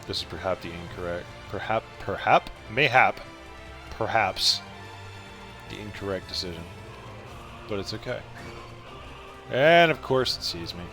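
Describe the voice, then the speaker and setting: A man streaming a fantasy game, joking casually with loud bursts and swearing while he plays. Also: low voice, expressive, normal speed, long pauses, over music. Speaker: gaming streamer.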